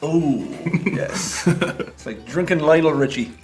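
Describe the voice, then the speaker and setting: A woman's voice: lively intonation, takes it slowly, darkish tone. An Irish woman co-hosting a casual whiskey tasting chat, playful and laughing as she talks. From Ireland. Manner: playful, laughing, swooping pitch. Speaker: podcast co-host.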